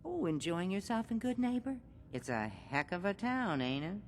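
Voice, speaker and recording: A woman's voice: mid-range voice, sing-song, moderate pace, natural voice. A woman voicing a flirtatious, teasing owner of a memory parlor in a video game.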